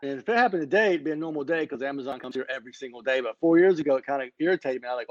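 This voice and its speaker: A man's voice: on the high side, lively intonation, quick pace, dry recording, dull audio. A man in his fifties, a company founder, telling his story with energy in an online podcast interview. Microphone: remote online call.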